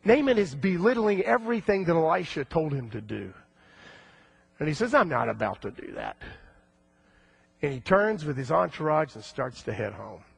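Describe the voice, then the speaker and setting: Gravelly, high-voiced male preacher. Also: normal speed, no echo. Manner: animated storytelling with acted-out voices. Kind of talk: sermon.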